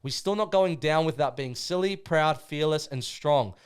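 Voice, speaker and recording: A man's voice: fairly high pitch, moderate pace, smooth, pitched above the performer's own voice, natural voice. A man with an Australian accent voicing a pack of wild, laughing male spirit brothers who taunt and cheer him on. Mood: rallying. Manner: loud, cackling, taunting encouragement.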